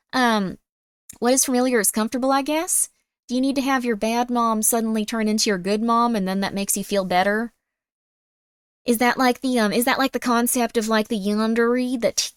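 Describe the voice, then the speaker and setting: A woman's voice: fairly high pitch, clear, resonant tone, no echo, studio quality. A woman streamer chatting casually and bubbly with her viewers on a streaming mic. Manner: bubbly, chatty, reacting to chat.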